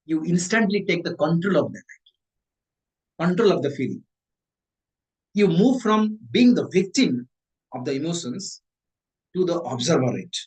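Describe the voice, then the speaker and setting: A man, a mindset coach giving a motivational talk, repeating and rephrasing his points with animated emphasis. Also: sits high, rough recording.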